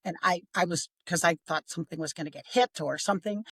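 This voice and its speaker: A middle-aged woman talking about parenting on a podcast, chatty and expressive, sometimes acting out what others said. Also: fairly low pitch, fast talker, husky, no echo. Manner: chatty, expressive, acts out quoted voices. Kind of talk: casual podcast conversation.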